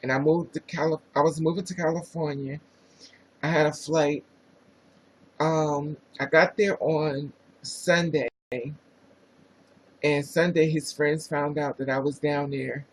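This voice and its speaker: A man's voice: on the high side, flat delivery, unhurried, rough recording. A man with a New Jersey accent hosting a casual livestream, chatting sassily and greeting viewers by name. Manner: sassy, chatty, reads viewer names aloud. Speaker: livestream host.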